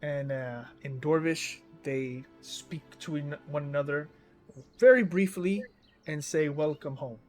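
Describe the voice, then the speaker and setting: A man with a high voice running a tabletop game as game master. He narrates in a relaxed, easy way and laughs often. Quiet music sits behind him. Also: measured pace.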